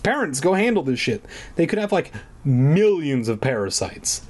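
A man's voice: mid-range voice, sing-song, moderate pace, breathy edge. A man giving a comedic reading of a children's book, breaking off for irreverent, swearing asides and drinking as he reads. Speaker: comedic reader.

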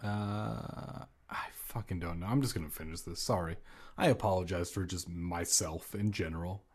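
A man's voice: sits low, normal speed, a little mellow, slightly rough. A man casually reading a children's horror book aloud, breaking off for rambling, profane, self-deprecating asides.

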